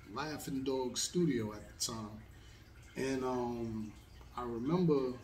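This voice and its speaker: A man's voice: medium pitch, a little mellow, roomy sound, recorded from a distance, a little hiss or hum. A man telling a long story in a casual, rambling way, with many fillers. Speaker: host.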